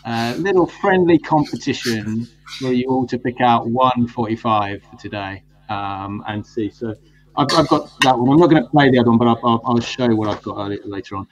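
A man's voice: medium pitch, moderate pace. A man hosting a casual video-call talk show, chatty and hesitant, often restarting his sentences. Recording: dull lo-fi stream audio.

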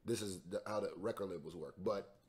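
A man hosting a reaction video, commenting casually and jumping into loud, laughing bursts. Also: low-pitched, a little fast. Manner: animated, jumps to loud bursts, laughs and mimics.

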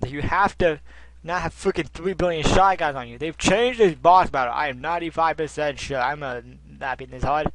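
A man giving casual gameplay commentary as a let's play host, rambling and self-mocking, with sudden frustrated shouts. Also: a little high, brisk, low-quality recording.

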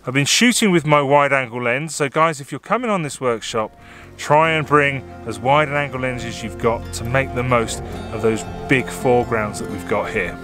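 Out on snowy, windy hills, a southern English man who photographs landscapes and hosts workshops gives vlog commentary into a small camera-mounted mic. He speaks at normal speed in a mid-range voice, with wind and music in the background. His manner is talkative, self-mocking and lightly joking.

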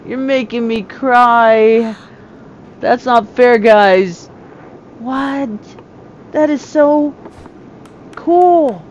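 A woman talking casually over her own gameplay, chatty and excitable, laughing often. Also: a little high, slight background noise. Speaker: gamer. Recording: slightly dull lo-fi sound.

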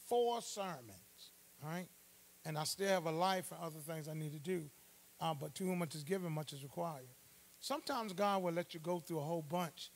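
A man preaching a Bible study sermon in church, calling out to the congregation for responses and swelling to loud emphasis. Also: high-pitched. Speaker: pastor.

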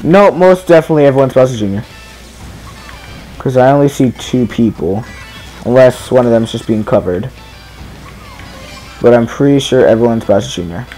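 A man's voice: medium pitch, lively intonation, moderate pace, long pauses, warm tone, soft background music. A young man giving casual commentary while streaming a kart race, chatty and self-deprecating as he talks to viewers.

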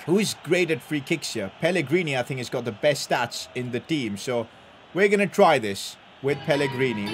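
A young man doing live commentary over a football video game, calm play-by-play breaking into loud excited outbursts. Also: a little high. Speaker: gaming YouTuber.

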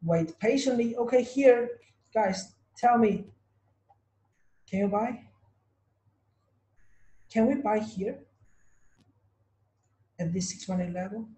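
Man teaching trading webinar, high pitch, mellow tone, keeps asking questions, echoey room. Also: slow pace, pauses often. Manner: repetitive, rhetorical questions to students. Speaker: trading tutor. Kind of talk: online webinar lesson. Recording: roomy echo.

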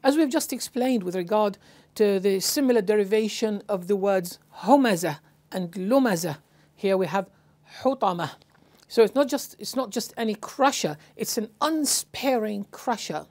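A woman giving a slow, explanatory lecture on translating scripture, halting often with fillers and restarts. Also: medium pitch, animated, darkish tone. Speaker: Qur'an translation teacher.

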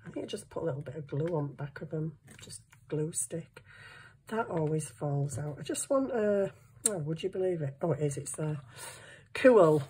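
A woman's voice: sits low, expressive, moderate pace, dark tone, slight background noise. A middle-aged woman, rambling and joking at herself while she does crafts at her desk at home. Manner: rambling, self-mocking, talks to herself while working. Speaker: craft vlogger. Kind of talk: chatty crafting vlog.

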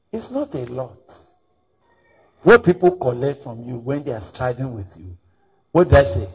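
A man's voice: medium pitch, lively intonation, measured pace, mellow, husky. A man preaching a storytelling sermon, acting out dialogue and repeating key phrases. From Nigeria.

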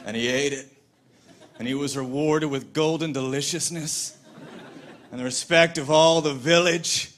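A man with a fairly high voice runs a stand-up comedy set on a TV stage, animated and playful in how he tells it. The recording carries a noticeable layer of noise. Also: measured pace, pauses often. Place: TV studio stage.

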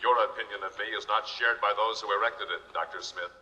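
A man voicing a calm, formal male robot in a 1960s TV sci-fi show, giving flat, formal replies. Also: lowish voice, fast, slight background noise, low-quality recording.

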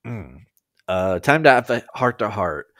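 A man's voice: on the low side, expressive, a little slow, fairly bright tone, dry recording, studio quality. A man casually reading fan fiction aloud, stumbling over words and making joking asides. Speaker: story reader.

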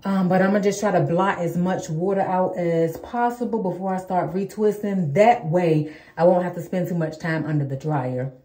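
A woman's voice: lowish voice, moderate pace, hardly any pauses, warm tone, roomy sound. A woman in her thirties chatting casually through a hair-care routine, calling her viewers y'all with plenty of ums. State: out of breath. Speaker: vlogger. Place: home, indoors.

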